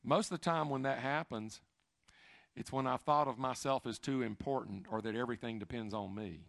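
Gravelly, bright-voiced male pastor preaching. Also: normal speed, dry recording. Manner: swings between loud emphatic peaks and quiet confessional low talk; repetitive, building lists of questions. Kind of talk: sermon.

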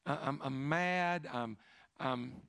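Gravelly, bright-voiced male pastor preaching. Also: takes it slowly, no echo, clean studio sound. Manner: swings between loud emphatic peaks and quiet confessional low talk; repetitive, building lists of questions. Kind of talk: sermon.

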